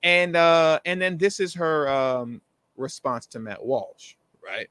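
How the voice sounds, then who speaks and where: Guy, highish voice, casual commentary, acts out quotes, dry mic. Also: takes it slowly, clear, resonant tone, dry recording. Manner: animated, slangy, acts out quoted people. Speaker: co-host.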